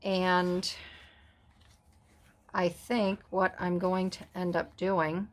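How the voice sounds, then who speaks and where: A woman's voice: fairly low pitch, flat delivery, extremely slow. A middle-aged woman hosting a casual crafting tutorial, chatting in rambling, self-amused asides as she works. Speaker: craft video host.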